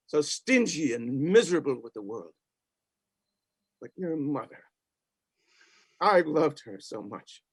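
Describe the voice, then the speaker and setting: A man's voice: fairly high pitch, dry recording, exaggerated voice. An actor playing a reformed, once-stingy old boss who now speaks earnestly and emotionally to his family and employee. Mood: heartfelt. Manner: earnest, emotional, sometimes hushed. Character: reformed old miser boss, newly warm. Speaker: stage actor. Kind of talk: community theatre acting.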